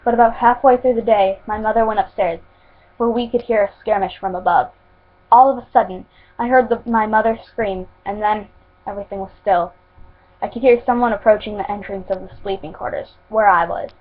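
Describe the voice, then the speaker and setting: At home, a woman reads her own fan fiction aloud in a mid-range, fairly even voice, a little fast, occasionally stumbling and restarting words. The recording sounds tinny, like a phone.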